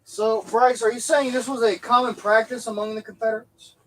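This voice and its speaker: A man's voice: very high-pitched, level tone, brisk, fairly bright tone. Joking rambling man on a livestream. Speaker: livestream host and Civil War reenactor. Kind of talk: casual livestream chat.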